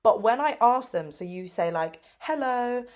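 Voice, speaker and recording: Chatty young woman vlogger, lower voice. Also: expressive, normal speed. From England. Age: 20s. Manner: upbeat, lots of fillers, acts out kids' voices with big pitch jumps. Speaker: English teacher vlogger. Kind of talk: casual chatty storytelling. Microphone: phone camera.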